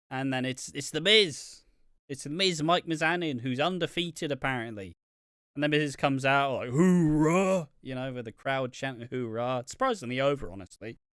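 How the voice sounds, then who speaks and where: A man co-hosting a podcast, chatting casually and recapping with sweary, animated storytelling. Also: medium pitch, clean tone, no room sound, studio quality. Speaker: podcast co-host. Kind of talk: casual chat.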